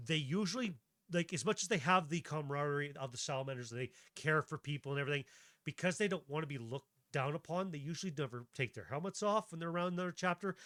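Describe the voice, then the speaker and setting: A man hosting a loose, tangent-hopping chat on stream, swearing casually as he goes. His voice is bright and forceful, sitting a little high. The sound is dry, with faint music underneath. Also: dry recording. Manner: rambling, tangent-jumping, profane. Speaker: streamer, host.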